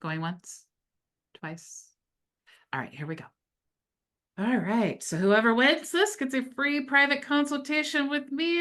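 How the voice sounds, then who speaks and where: A woman hosting a casual group video call, telling stories in a lively, quick way. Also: sits high. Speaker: host of a group coaching call.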